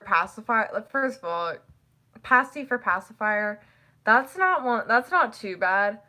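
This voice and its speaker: Bright-voiced giggly young woman. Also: lively intonation, a little slow. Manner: rambling, giggly, acts out quotes in high voices. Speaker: vlogger. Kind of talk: casual chat.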